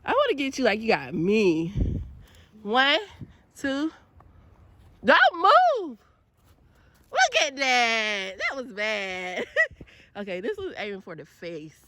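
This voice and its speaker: A woman's voice: fairly high pitch, huge pitch swings, takes it slowly, long pauses, a bit bright. A woman vlogging outdoors in the snow on a handheld phone, chatty and laughing, cold and a bit out of breath. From Georgia, US. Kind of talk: casual vlog outdoors in snow. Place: outdoors in snow, parking lot. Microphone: handheld phone camera.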